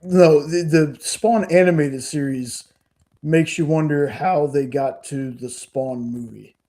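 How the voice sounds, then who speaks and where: Mellow-voiced enthusiastic man chatting. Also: fairly high pitch, slow. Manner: enthusiastic, repeats himself. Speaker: podcast co-host. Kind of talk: casual chat.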